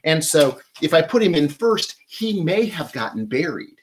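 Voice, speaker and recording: A man's voice: fairly high pitch, sing-song, normal speed, a little hiss or hum. Chatty man demonstrating flower arranging. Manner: chatty, enthusiastic, talks while working with hands. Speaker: florist host.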